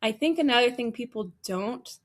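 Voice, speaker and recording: A woman who trains customer service staff, answering interview questions in an energetic, emphatic coaching tone. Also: a little high, normal speed.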